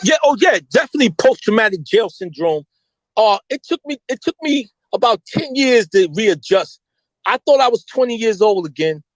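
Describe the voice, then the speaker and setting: A man's voice: sits high, moderate pace, no echo, low-quality recording. A middle-aged man, telling street stories candidly and with lots of slang as an interview guest. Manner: animated, slangy, mimics voices when quoting.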